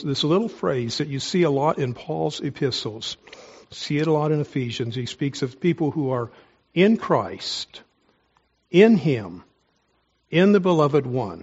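A man's voice: on the high side, darkish tone, slightly rough, highs cut off. A man preaching a sermon, earnest and emphatic, his voice strained as if he is nursing a sore throat. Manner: earnest, emphatic, pauses to ask listeners directly. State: strained voice, taking cough drops. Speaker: pastor.

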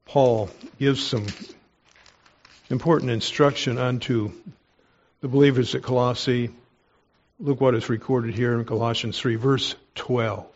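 Earnest male preacher, explanatory, reads scripture slowly, mid pitch, mildly dull recording. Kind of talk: expository Bible sermon.

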